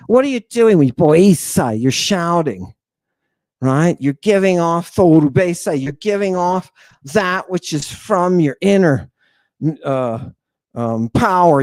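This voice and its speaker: A man giving a lecture over slides, emphatic and dramatic, constantly asking "right?" and swinging between hushed asides and loud outbursts. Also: sits high, no room sound. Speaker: lecturer on ancient Greek language and ritual.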